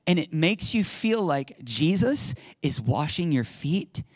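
A man preaching a lively sermon as a pastor, acting out little scenes and laughing now and then. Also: on the high side, slow pace, pauses often, slightly rough, no echo, clean studio sound. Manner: animated, acts out little voices and laughs often.

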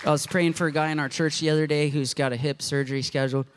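A man preaching a sermon as a pastor, telling stories with lively, joking energy and sudden loud outbursts. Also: fairly high pitch, quick pace, a faint crowd, slight background noise. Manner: animated storytelling with loud outbursts and jokes. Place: church.

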